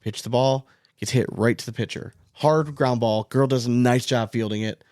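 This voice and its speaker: A man in his thirties chats casually as a podcast co-host, telling a story in a loose, rambling way with "like" in every other phrase. His voice sits at an average pitch, recorded close and dry with no room sound. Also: fairly even intonation, moderate pace, a little mellow, no room sound. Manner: rambling storyteller, heavy use of "like". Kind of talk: casual chat.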